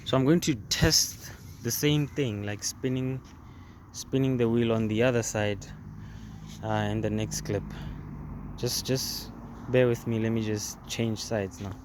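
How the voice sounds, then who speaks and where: Slow-talking man showing a car repair. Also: mid-range voice, fairly even intonation, darkish tone, slight background noise. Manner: slow, halting, repeats words while explaining. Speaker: car repair video host. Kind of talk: casual how-to demonstration.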